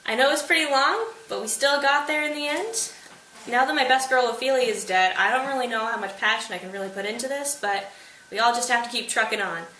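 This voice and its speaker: A woman's voice: fairly high pitch, fairly quick, bright, forceful tone. A woman host giving a casual, playful, slangy summary of a play for students. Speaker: host retelling a play for study. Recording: roomy, distant mic, faint hiss.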